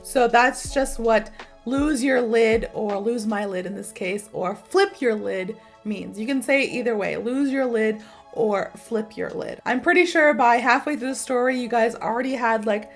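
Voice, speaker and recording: A woman's voice: on the high side, normal speed, soft background music. An American woman teaching English, telling an emphatic personal story and repeating points for stress.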